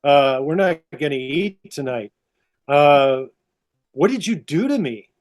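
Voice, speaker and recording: A man's voice: on the high side, animated, slow. A man voicing Adam as a shaken, bewildered first man who asks flustered questions while telling a story.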